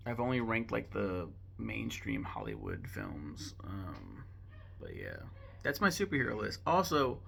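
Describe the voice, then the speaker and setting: A man's voice: on the low side, wildly swooping pitch, measured pace, gravelly, a bit bright, husky. A young man rambling casually to camera as a vlogger, joking and swearing in an offhand way.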